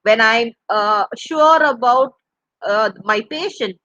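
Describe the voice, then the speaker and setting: A woman voicing a courteous male doctor who calmly reassures a distressed visitor, read aloud from a classic story. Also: on the high side, slow, no echo, lo-fi sound. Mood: soothing. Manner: soothing, reassuring.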